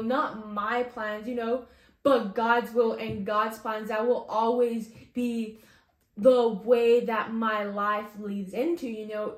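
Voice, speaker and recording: Earnest young woman in an echoey room. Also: a little high. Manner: earnest, heavy on fillers like "like" and "you know". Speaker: testimony speaker. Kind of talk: personal faith testimony.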